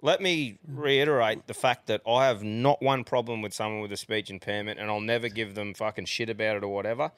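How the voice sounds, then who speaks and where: A man's voice: lowish voice, fairly even intonation, fairly quick, hardly any pauses, a bit bright, smooth, dry recording. A man hosting a casual podcast, talking bluntly, swearing a lot and breaking into rants and laughter. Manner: sweary, ranting, laughs often. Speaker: podcast host.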